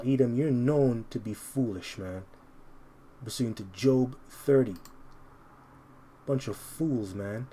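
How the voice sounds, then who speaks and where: Combative man preaching, mellow tone. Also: medium pitch, slight background noise. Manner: combative, repeats "man" constantly; reads verses slowly and deliberately. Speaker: Bible teacher. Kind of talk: informal scripture commentary.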